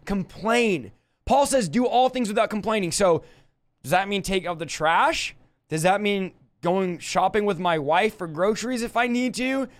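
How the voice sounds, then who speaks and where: High-voiced man preaching fiery on a livestream. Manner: fiery, emphatic, speaks straight to the viewer. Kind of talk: livestream Bible teaching.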